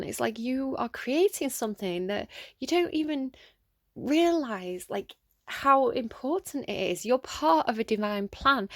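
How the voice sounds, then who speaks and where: Young English woman, tarot reader, casual and excitable, laughs often, bright higher voice, dry close sound. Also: no room sound. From England. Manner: rambling, giggly and excitable.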